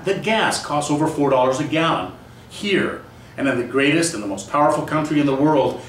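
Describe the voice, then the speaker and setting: A man's voice: fairly high pitch, slight background noise. A man speaking as a political candidate, listing grievances in an indignant, repetitive campaign speech. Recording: echoey room from far off.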